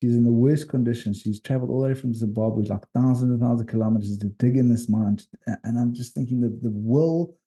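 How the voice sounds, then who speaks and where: Dark-voiced South African man telling stories. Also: mid-range voice, fast talker, hardly any pauses. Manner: rambling, animated storytelling. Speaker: podcast co-host and documentary filmmaker. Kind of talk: casual storytelling chat.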